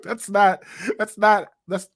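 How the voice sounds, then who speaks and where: A man's voice: high voice, steady tone, slow pace, creaky. A man co-hosting a podcast in casual chat, blunt and profane, often laughing. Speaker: podcast co-host.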